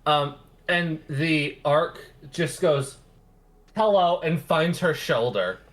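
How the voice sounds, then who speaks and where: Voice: medium pitch, slow pace, fairly bright tone. A person running a tabletop game as game master, narrating and laughing often.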